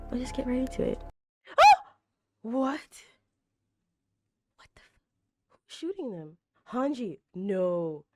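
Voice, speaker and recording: A young woman hosting an anime reaction, chatting casually with a tired, slightly raspy throat and bursting into gasps and exclamations. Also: fairly low pitch. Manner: animated, gasps and exclaims loudly, chatty with fillers.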